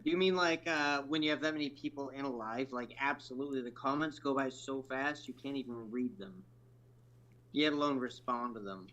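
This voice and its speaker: A man from Oregon joins a storm-chasing livestream as a guest and talks in a relaxed, agreeable way. His voice has a mid pitch and comes through a slightly dull, lo-fi connection. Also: a little fast. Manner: relaxed, agreeable, lots of filler words. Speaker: fellow storm chaser guest. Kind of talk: casual livestream chat.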